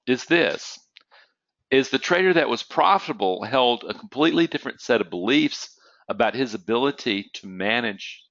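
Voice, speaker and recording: Recorded dry with the highs cut off, a man with a medium-pitched, fairly bright voice gives an online lecture on trading psychology. His storytelling is conversational, punctuated by frequent "okay?" check-ins and an occasional cough.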